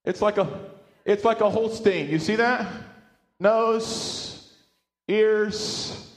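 High-voiced man preaching in an echoey hall. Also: drawn-out words, a little hiss or hum. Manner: animated, repeats and restarts words, asks the congregation questions. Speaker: pastor. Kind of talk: sermon. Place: church sanctuary with speakers.

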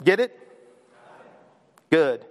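In a church sanctuary with a big-room sound, a pastor delivers a sermon very slowly. He hammers his points with emphasis and repetition and urges the congregation to answer back.

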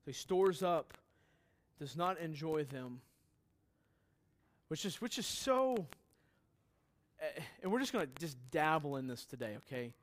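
A middle-aged male pastor teaching a Bible passage in a relaxed, conversational way, with joking asides and questions to the congregation. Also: on the high side, unhurried, long pauses.

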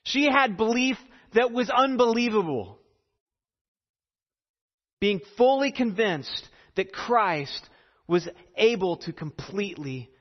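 A pastor with a high voice and lively intonation preaches a sermon full of repeated phrases and dramatic pauses. His earnest delivery echoes through a large hall, and the recording sounds dull and muffled.

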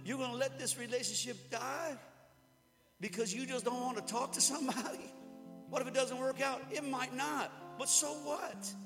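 A pastor with a very high-pitched man's voice preaches to an audience in a church hall, speaking at a moderate pace with fairly even intonation. His sermon is casual and conversational, full of jokes and small acted-out quotes. The recording carries hall reverb with music playing underneath.

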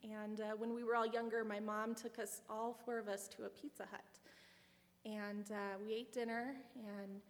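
A woman's voice: medium pitch, little pitch movement, moderate pace. A woman giving a sermon, earnest and reflective, with a personal story. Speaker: preacher. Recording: long hall reverb.

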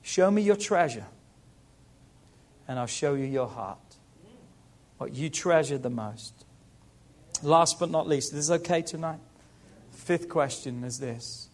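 A man's voice: on the high side, lively intonation, takes it slowly, long pauses. A middle-aged man preaching a sermon as pastor, building emphasis through repeated rising phrases.

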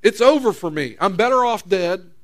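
A preacher voicing a panicked, self-pitying male prophet on the run, complaining in rapid exasperated questions. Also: sits high, expressive, fairly bright tone.

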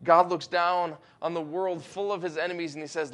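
Male pastor, high voice, earnest preaching with emphatic build-ups and weighty slowdowns. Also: steady tone, fairly bright tone. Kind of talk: sermon.

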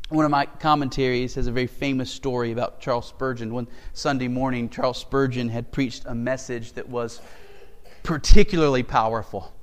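A man's voice: medium pitch, fairly even intonation, moderate pace, in a large hall. A man preaching an expository sermon as pastor, earnest and emphatic, asking rhetorical questions.

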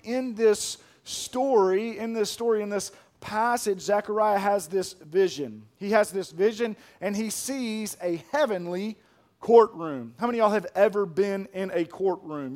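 A male pastor delivers an emphatic sermon in a high voice for a man. He drives his points home by repeating key lines.

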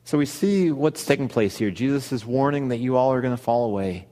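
A man's voice: mid-range voice, lively intonation, dark tone. Guy preaching a sermon, earnest, voice ringing out in a big echoey hall. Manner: earnest, reads scripture aloud with pauses. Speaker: pastor. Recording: long hall reverb.

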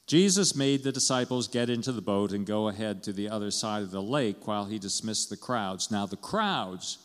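A man's voice: mid-range voice, fairly bright tone, big-room sound. A man pastor preaching a conversational sermon in a church, asking the congregation questions and chuckling as he goes.

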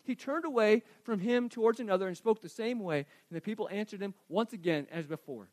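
A man preaching a sermon, retelling scripture in an animated, conversational way. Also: high voice, brisk, dry recording. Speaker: pastor.

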